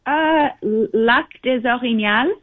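A woman's voice: on the high side, slow, no room sound. A cheerful woman from Canada calls in to a radio quiz and laughs easily. Her voice comes over a dull, muffled line. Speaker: caller. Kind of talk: radio call-in chat.

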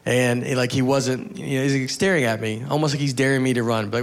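A man's voice: mid-range voice, fairly even intonation, quick pace, hardly any pauses. A man performing a stand-up comedy set, telling self-mocking stories in a laid-back way. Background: audience laughter.

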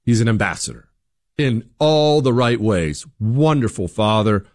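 Speaking in a lowish, unhurried voice, this male political commentator host gives an opinion monologue recorded in studio quality with no echo. His delivery is emphatic and animated, packed with rhetorical questions and acted-out quotes, with frequent restarts and repeated words.

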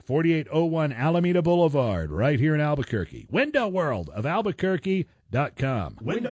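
A man's voice: a little high, big pitch swings, moderate pace, darkish tone. A man reading a live radio ad in a chatty, folksy way, adding casual asides. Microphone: studio microphone.

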